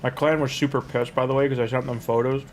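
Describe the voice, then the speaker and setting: A man's voice: medium pitch, fairly even intonation, quick pace. A man casually commenting a live game stream in a chatty, rambling way, talking to his chat and laughing easily.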